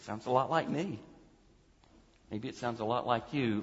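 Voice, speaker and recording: A man's voice: lowish voice, moderate pace, a little hiss or hum. A man preaching a sermon, emphatic, acting out the voices he quotes with rising intensity. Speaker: pastor. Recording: dull recording with long hall reverb.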